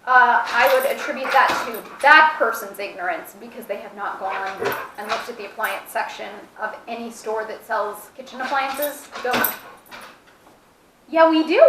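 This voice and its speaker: A woman's voice: a little high, moderate pace, far from the mic, noisy background. A woman chatting casually in a home kitchen for her vlog, playful and talkative, stopping to chat with her dog. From United States. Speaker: vlogger. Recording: echoey room.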